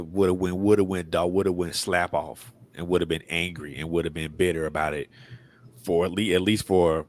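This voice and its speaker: A male talk show host speaking in a measured, affirming way, often restarting his phrases. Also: low voice.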